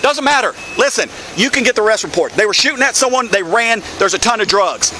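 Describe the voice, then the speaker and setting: A police sergeant talks fast and bluntly at a roadside scene, with irritation in his voice. His voice sits a little high. Traffic and street noise come through the body camera mic. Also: expressive. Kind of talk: bodycam field talk. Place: outdoors on a street by cars. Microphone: body-worn camera. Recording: noisy outdoor bodycam audio.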